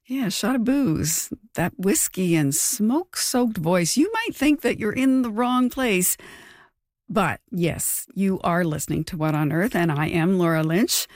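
A woman hosting an interview podcast, presenting in a clear, conversational way. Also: medium pitch, lively intonation, a little slow, no echo, clean studio sound. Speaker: podcast host.

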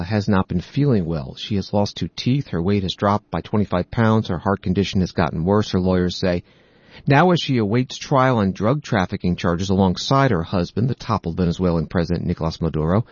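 A man with a fairly low voice reads through news items steadily and without fuss. The sound is dry and a little dull, with no room around it. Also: no echo. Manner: steady, matter-of-fact reading. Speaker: news podcast host. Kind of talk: reading news reports.

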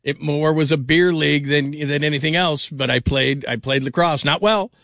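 A man's voice: a little high, fairly even intonation, normal speed, fairly bright tone, no echo. A middle-aged man hosting a late-night sports call-in radio show, rambling casually with frequent laughs and restarts.

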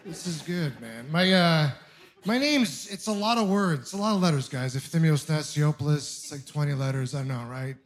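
Young male stand-up comic from Ontario, high-pitched and animated, on a club stage mic. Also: normal speed. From Ontario, Canada. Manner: animated storytelling, playful and self-mocking. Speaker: stand-up comedian. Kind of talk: stand-up comedy set. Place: comedy club stage with laughing audience.

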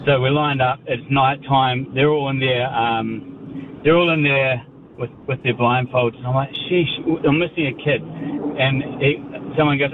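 A man's voice: mid-range voice, a little slow. A man calling in to a radio show, telling a story and acting out the quotes. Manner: animated storyteller, acts out quotes. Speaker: caller. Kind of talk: phone-in storytelling. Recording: dull phone line with noise.

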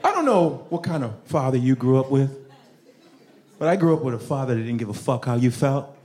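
Brash stand-up comic man, lively pitch. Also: brisk. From Africa. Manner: loud, brash, swearing, acts out his parents. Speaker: stand-up comedian. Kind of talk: stand-up crowd work. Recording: noisy live club recording.

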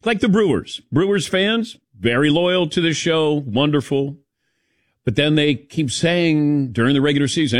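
A man hosting a sports talk show, animated and teasing as he calls on his crew by name. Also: fairly high pitch, normal speed, no room sound, clean studio sound. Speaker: sports radio host.

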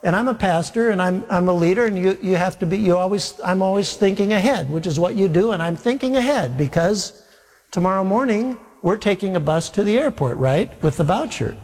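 A man's voice: high-pitched, a little fast. A man preaching as a pastor, telling a long story with humor and acting out the dialogue himself. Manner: animated, self-mocking storyteller acting out dialogue. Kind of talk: sermon storytelling. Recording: long hall reverb.

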